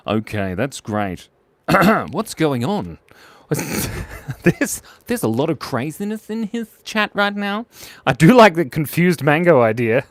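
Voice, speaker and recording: A man's voice: a little high, big pitch swings, slow, no echo. A man hosting a live drawing stream for kids, talking in a playful, silly, chatty way as he draws. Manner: playful, silly and chatty, with giggles and little voices. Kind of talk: casual live drawing commentary.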